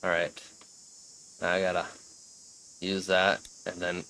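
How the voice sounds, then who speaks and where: Deep-voiced laid-back male streamer. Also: completely flat delivery, slow pace, gravelly, noisy background. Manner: laid-back, rambling reactions. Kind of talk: casual gameplay commentary. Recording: commentary over loud game sound.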